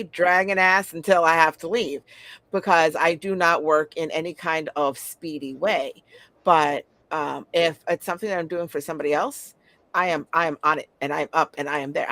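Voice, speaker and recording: A woman's voice: fairly low pitch, gravelly, fairly bright tone, no echo. A woman chatting casually, blunt and wry, swearing freely, with a voice others find sleepy and soothing. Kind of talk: casual chat.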